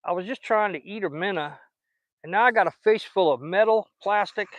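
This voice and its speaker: A man voicing an annoyed female bass just caught on a lure, grumbling about it. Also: fairly quick, fairly bright tone, no room sound. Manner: grumbling complaint.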